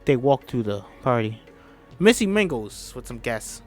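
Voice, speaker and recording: A man's voice: mid-range voice, big pitch swings, a little slow, soft background music. A man reading a screenplay aloud by himself, voicing every part, stumbling over words now and then. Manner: reads all parts himself, stumbling at times. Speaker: script reader. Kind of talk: solo script read-through.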